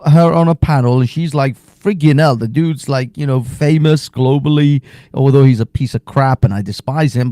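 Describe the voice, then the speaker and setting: A man's voice: medium pitch, warm tone, no room sound. Blunt male reaction-video host, dry sound. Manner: blunt, laughing, rambling. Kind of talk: casual commentary over clips.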